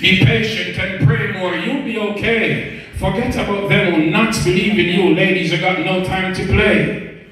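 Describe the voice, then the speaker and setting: A man's voice: high-pitched, fairly even intonation, unhurried, fairly bright tone. A man performing spoken word poetry on the radio, reciting in a rhythmic, rhyming, preacher-like cadence. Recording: echoey, distant from the mic.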